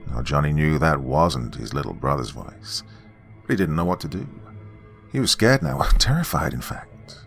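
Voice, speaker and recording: A man with an extremely deep, low voice tells a horror tale around a campfire. He is folksy and dramatic, sinking to hushed whispers for suspense, with faint music under him. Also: lively intonation, moderate pace, creaky. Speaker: horror story narrator.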